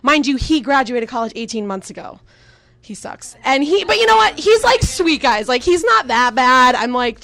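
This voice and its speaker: A woman's voice: high voice, big pitch swings, moderate pace, creaky, pushed and bright. A young woman performing a stand-up comedy set, telling exasperated, sarcastic stories with plenty of swearing.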